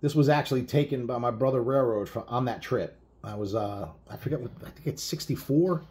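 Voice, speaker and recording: A middle-aged man tells a road story casually, swearing freely and wandering off with fillers. His voice sits low in pitch. It has a husky edge. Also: a little mellow. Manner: profane, blunt, rambling with many fillers. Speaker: biker author telling a road story.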